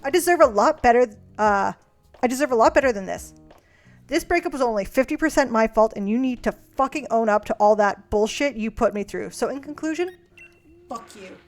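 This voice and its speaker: Her voice fairly high, animated, and brisk, a young streamer laughs at her old self while reading her former letters aloud, swearing as she pleases. Faint music plays behind her.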